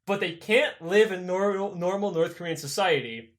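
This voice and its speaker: A young man co-hosting a podcast, telling a history story in a casual, profane way and acting out the people in it. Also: sits high. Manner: animated, profane, acts out characters in quick voices. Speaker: podcast co-host.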